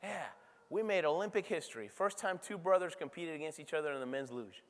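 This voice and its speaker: A middle-aged man giving a motivational keynote speech, energetic and conversational, often checking in with the audience. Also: fairly high pitch, fairly quick. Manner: energetic, conversational, frequent tag questions to the crowd. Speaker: keynote speaker. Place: large convention hall. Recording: reverberant convention hall sound.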